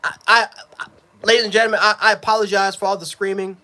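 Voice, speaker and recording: A man giving a live sports reaction, frustrated and profane, swinging between yelling and low muttering. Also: flat delivery, fast talker. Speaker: sports fan streamer.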